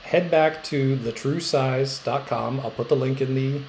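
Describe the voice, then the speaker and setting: A man's voice: medium pitch, a little slow, creaky, a little mellow, slight background noise, low-quality recording. A male middle school social studies teacher giving a casual recorded lecture, chatty and joking, with lots of "uh" fillers and rambling asides.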